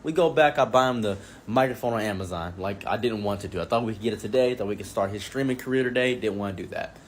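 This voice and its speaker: A man casually telling wild personal stories, animated and exaggerated, swinging between mumbled asides and excited outbursts. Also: lowish voice, fast talker, a little hiss or hum. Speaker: commentary streamer. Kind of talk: casual storytelling.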